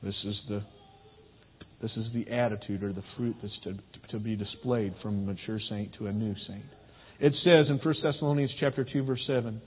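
A man's voice: fairly low pitch, fairly quick, slightly rough. A man preaching a sermon, talking easily to his congregation and often asking them questions. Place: church sanctuary. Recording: phone-like, with long hall reverb.

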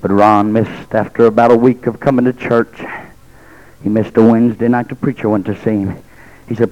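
A man's voice: lowish voice, flat delivery, moderate pace, a little mellow, muffled recording. A male preacher telling a story in a revival sermon, in a rhythmic preaching cadence with frequent "uh" between phrases.

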